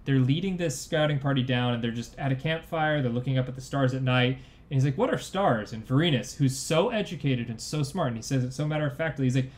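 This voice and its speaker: A man's voice: medium pitch, fast talker. A young man co-hosting a podcast, chatting casually and enthusiastically, full of "like" and restarts. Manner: enthusiastic, rambling with many likes. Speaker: podcast co-host. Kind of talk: casual chat.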